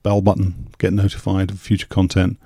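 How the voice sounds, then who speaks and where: A man's voice: sits low, completely flat delivery, fairly quick, mellow, breathy edge, dry recording, clean studio sound. A man hosting an interview channel, asking questions plainly with the odd hesitation.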